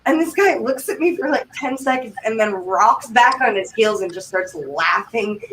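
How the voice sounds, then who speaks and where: A woman from Vermont, a livestream guest, telling rambling stories in a chatty, animated way. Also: fairly high pitch, normal speed. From Vermont, United States. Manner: chatty, rambling, breathless anecdotes with quoted asides. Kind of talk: casual chat, animated storytelling. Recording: distant mic, faint background noise.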